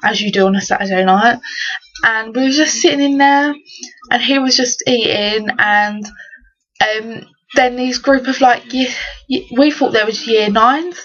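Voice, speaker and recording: A woman's voice: on the high side, measured pace, fairly bright tone. Exasperated teen girl. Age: teens. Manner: exasperated, slangy storytelling. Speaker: vlogger. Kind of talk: casual ranting story. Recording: dull lo-fi webcam audio.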